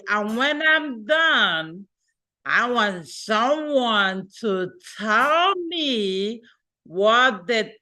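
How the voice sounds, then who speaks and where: A woman telling a children's story during a church worship service, addressing the children directly in an animated, expressive way. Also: a little high.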